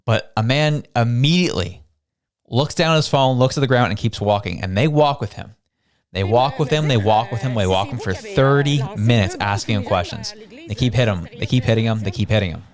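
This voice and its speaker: A man's voice: mid-range voice, fairly quick, faint music behind. A man from Canada hosting a show, giving casual news commentary in a conversational way, full of rhetorical questions. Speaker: show host.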